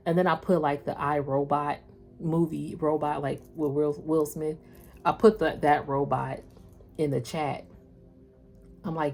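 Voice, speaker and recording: A woman's voice: sits low, level tone, normal speed, a little mellow, faint music behind. A woman doing a casual spiritual reading, chatting with viewers in a slangy, loose way. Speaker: spiritual tarot reader.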